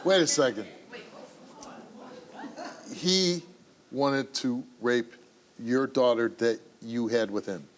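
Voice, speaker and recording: A man's voice: mid-range voice, slow pace, pauses often, a little hiss or hum. A man hosting a talk show, asking a guest blunt, probing questions. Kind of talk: interviewing a guest.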